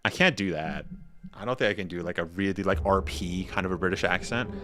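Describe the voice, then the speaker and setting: A man's voice: sits low, a little fast, fairly bright tone. A young man chatting casually with viewers on a game stream, laughing often and tossing in slangy asides. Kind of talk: casual live-stream chat.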